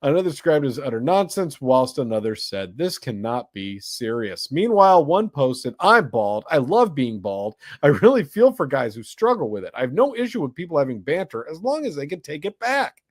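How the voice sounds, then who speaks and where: A man co-hosts a podcast, reading posts aloud and teasing his friends. His pitch moves a lot and sits a little high. The sound is dry and close. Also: normal speed, few pauses, no room sound. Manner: teasing, animated. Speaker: podcast co-host.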